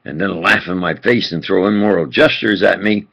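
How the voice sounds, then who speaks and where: Man, self-styled preacher, ranting, husky, bright, emphatic repetition. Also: deep voice, normal speed, muffled recording. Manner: ranting, swings from muttering to shouted outbursts. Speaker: self-styled preacher giving a political rant. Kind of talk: impassioned video rant.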